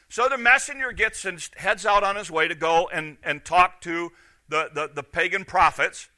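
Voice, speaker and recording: A middle-aged man preaching a sermon, retelling scripture stories in an animated way and acting out the quotes. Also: fairly high pitch, normal speed. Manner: animated, acts out quoted lines. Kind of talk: sermon storytelling.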